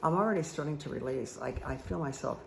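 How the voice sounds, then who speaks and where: A woman's voice: very deep voice, fast talker, creaky, slight background noise. A woman giving a card reading for her viewers, chatty and rambling, who often checks in with "okay?". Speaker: spiritual guide reading tarot and angel cards. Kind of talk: casual talk to viewers while reading cards.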